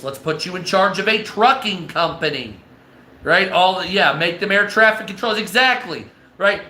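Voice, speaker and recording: A man's voice: sits high, normal speed, sharp tone, roomy sound. A man hosting a livestream, rambling and swearing as he acts out imagined conversations in a casual monologue. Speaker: livestream host.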